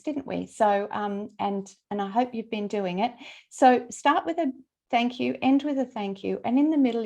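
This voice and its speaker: A LinkedIn trainer presents a webinar over a video call, teaching in a casual, chatty workshop style and checking in with attendees by name. Her voice is fairly high and mellow, with vocal fry.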